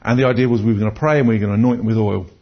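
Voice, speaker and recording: Racing through his words with fairly even intonation, a man with a fairly low voice delivers a conversational sermon. He tells stories from his own life and repeats words as he keeps restarting. The audio is dull and lo-fi.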